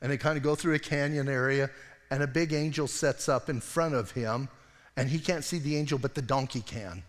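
A male pastor preaching a sermon as casual, animated storytelling full of slang and asides. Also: medium pitch, brisk, big-room sound.

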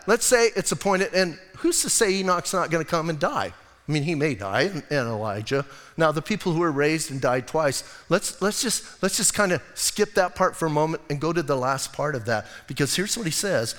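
A male pastor preaching an animated, conversational sermon and acting out bits of dialogue. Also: fairly high pitch, big-room sound.

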